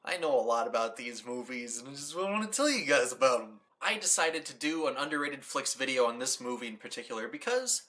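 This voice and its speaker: A man's voice: medium pitch, animated, a little fast, hardly any pauses, bright, forceful tone. A young man from the United States hosts a casual movie review show. He talks with enthusiasm and rambles, with many repeated "like"s and restarts. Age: young adult. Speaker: host of a movie review channel.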